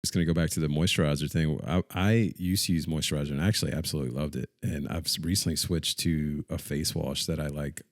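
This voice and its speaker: A man co-hosting a podcast, chatting casually in a joking, animated way with casual swearing. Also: rumbling low, quick pace, hardly any pauses, dry recording, clean studio sound. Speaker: podcast co-host. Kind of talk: casual chat.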